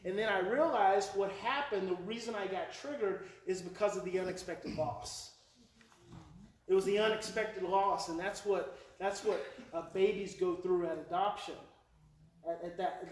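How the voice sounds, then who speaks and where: A man's voice: sits high, moderate pace. A man in his forties from Oklahoma, with an Oklahoma accent, giving a live workshop talk to parents, telling stories with emotion and repeating his key phrases. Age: 40s. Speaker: parenting educator and presenter. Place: presentation hall before a live audience. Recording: roomy live hall, voice picked up from a distance, faint noise.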